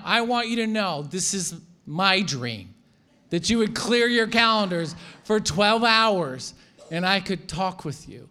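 A male pastor preaches with a voice that sits noticeably high for a man. He delivers the sermon in an animated way, acting out the people in his stories and often restarting his sentences. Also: smooth.

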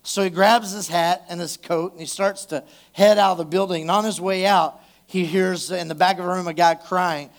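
High-voiced man preaching a live sermon. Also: steady tone, moderate pace. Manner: conversational, calls out to the congregation for responses. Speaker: pastor. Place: church service.

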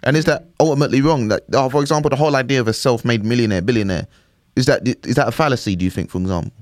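A man's voice: medium pitch, racing, dry recording, clean studio sound. Rambling chatty man hosting a podcast. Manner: chatty, rambling, repeats 'do you know what I mean'. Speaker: podcast host. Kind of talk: casual podcast chat.

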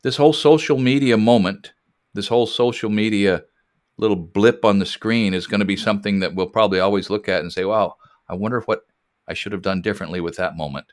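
A man's voice: fairly low pitch, a little fast. A man in his sixties co-hosting an interview, chatty and reflective, often restarting his sentences. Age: 60s. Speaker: co-host. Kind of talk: casual interview.

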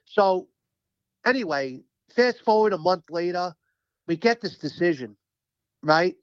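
A man speaking as a union representative, telling stories in an animated, emphatic, profane way during a casual interview. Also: high voice, a little slow, no room sound, dull audio.

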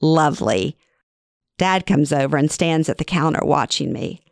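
A woman's voice: sits low, sing-song, unhurried, gravelly, no echo, studio quality. A middle-aged woman reading her own memoir aloud in a wry, conversational way. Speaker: memoir narrator. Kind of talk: first-person storytelling reading.

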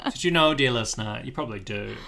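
A man's voice: medium pitch, expressive, quick pace, vocal fry, bright, forceful tone. A man co-hosting a podcast in casual chat, rambling and enthusiastic, with frequent restarts. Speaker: podcast co-host.

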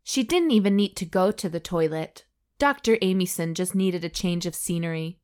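Woman reading a dumb story out loud on a podcast, joking around, deadpan drama bits. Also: fairly low pitch, moderate pace. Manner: reads with mock drama, stops to joke and laugh. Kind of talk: comedic reading of an erotic story.

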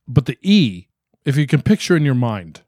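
A man of middling pitch co-hosting a casual podcast. He talks in a playful, deliberate way, and the recording is close and dry. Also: very animated, a little mellow, no echo. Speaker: podcast co-host. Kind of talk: casual chat.

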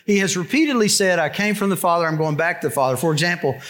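A middle-aged pastor preaching a conversational sermon with wry asides. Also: male voice, high voice, fast, fairly bright tone.

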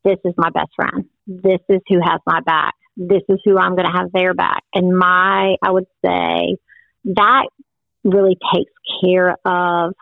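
A woman's voice: vocal fry, dry recording. An older woman, a podcast guest telling family stories in a casual chat. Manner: warm storytelling with playful high quoted voices. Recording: tinny phone-like sound.

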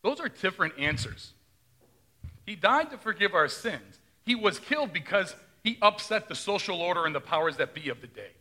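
Bright, high-voiced male pastor preaching. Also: sing-song, normal speed. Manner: conversational, asks the congregation questions. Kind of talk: sermon.

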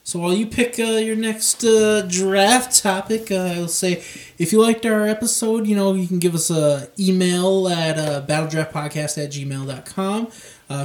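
A man's voice: sits high, reverberant, slight background noise. A man co-hosts a podcast in loose, casual chat. He keeps agreeing easily and reads a sponsor ad half laughing. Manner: laid-back, agreeable, reads ads with a laugh. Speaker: podcast co-host.

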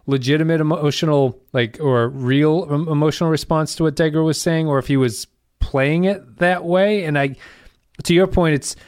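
A man's voice: on the high side, normal speed, darkish tone, clear, resonant tone, no room sound. Dry-voiced man co-hosting a podcast. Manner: thinks aloud, reads listener comments. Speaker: podcast co-host. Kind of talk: casual podcast discussion.

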